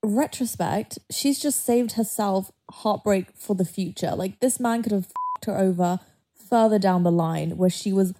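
Young woman, warm relaxed tone, casual podcast chat, blunt. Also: medium pitch, measured pace. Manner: blunt, swearing, laughs often. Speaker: podcast co-host.

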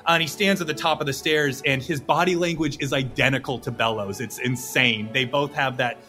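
A man's voice: medium pitch, fairly even intonation, a little fast, sharp tone, soft background music. A man narrating as game master of a tabletop game, rambling and laughing as he goes. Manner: rambling, laughing, full of fillers.

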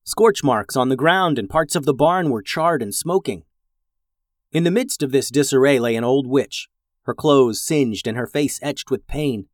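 Male storyteller, expressive and animated, close dry mic. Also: medium pitch, unhurried, dry recording. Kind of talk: storybook narration.

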